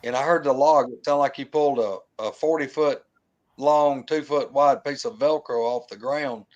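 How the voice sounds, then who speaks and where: A man, telling a long encounter story in casual talk, colloquial and animated, mimicking the sounds he heard. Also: medium pitch, moderate pace, muffled recording.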